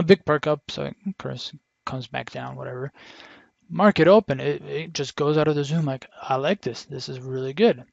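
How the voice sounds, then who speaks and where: A man's voice: on the high side, gravelly, dry recording, dull audio. A young man talking through his trades in a casual, rambling way, full of restarts and quoting his own thoughts. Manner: rambling, frequent restarts and self-quotes. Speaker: day trader vlogger. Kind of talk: casual screen-share commentary.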